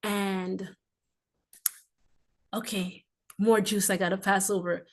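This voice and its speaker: A woman in her forties who hosts a livestream gives a heartfelt testimony with fervent, emphatic conviction, repeating phrases for emphasis. Her voice is at an ordinary middle pitch, with a flat, slow delivery, and she mixes breathy emotional asides with bursts of warmth.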